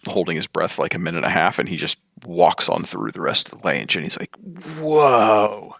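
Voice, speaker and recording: A man narrating as game master in a tabletop game, animated with fillers. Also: low-pitched, fast talker, gravelly, husky, dry recording, clean studio sound. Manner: animated, many fillers and restarts.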